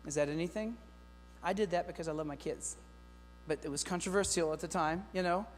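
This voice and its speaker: Energetic man speaking in a reverberant hall. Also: on the high side, fairly quick. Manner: energetic, joking, talks straight to the audience. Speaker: keynote speaker to teachers. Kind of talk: lively conference keynote. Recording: long hall reverb with faint mains hum.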